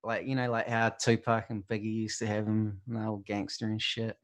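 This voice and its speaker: A man's voice: fairly low pitch, little pitch movement, a little fast. A man with a New Zealand accent, hosting a stream and chatting casually in a laid-back, rambling way full of fillers. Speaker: stream host. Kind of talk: casual chat.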